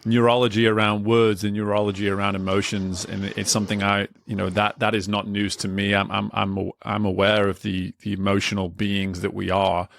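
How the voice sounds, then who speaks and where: A male podcast host with a low voice that has a gravelly edge. He talks in a lively, casual way, often restarting and repeating words. The sound is dry and close to the mic. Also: brisk, few pauses, no room sound. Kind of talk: casual conversational interview.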